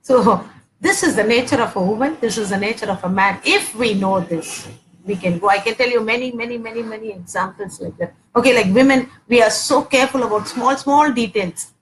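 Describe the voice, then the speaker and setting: Speaking fairly high and a little fast, a woman in her forties preaches on Christian marriage, circling back to the same points and saying "okay" again and again. She dramatizes arguments at home. The recording is rough, with slight background noise.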